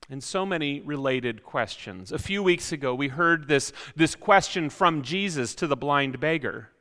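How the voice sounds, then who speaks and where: Male pastor, sermon, reflective, keeps posing questions; high voice, echoing church hall. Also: animated, normal speed, few pauses, bright, forceful tone. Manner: reflective, many rhetorical questions.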